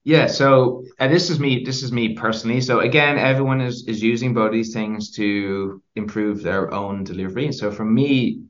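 Animated storytelling man, dull audio. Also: mid-range voice, moderate pace, hardly any pauses. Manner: animated storyteller, many restarts. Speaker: podcast guest, company founder. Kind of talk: casual interview chat.

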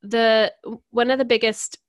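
A woman guest explaining personality types in a casual interview, animated and laughing often as she acts out examples. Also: on the high side, a little slow, clear, resonant tone, no room sound, clean studio sound. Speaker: certified personality type coach, guest.

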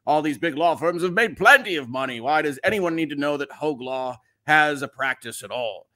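A man's voice: a little high, lively intonation, a little fast, pushed and bright. A man voicing a self-serious senior law partner, talking in a solemn, weighty tone. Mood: grave. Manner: solemn, weighty, full of gravitas.

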